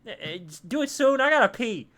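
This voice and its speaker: A man's voice: very high-pitched, very animated, a little fast, sharp tone, pitched above the performer's own voice, exaggerated voice. A man voicing a defiant half-orc boy who talks in crude street slang. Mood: ranting.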